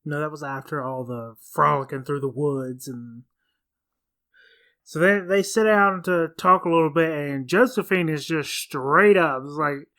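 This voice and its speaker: Bright-voiced man casually recapping a film. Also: fairly high pitch, a little slow. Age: 30s. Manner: relaxed, corrects details, quotes film lines. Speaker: podcast co-host.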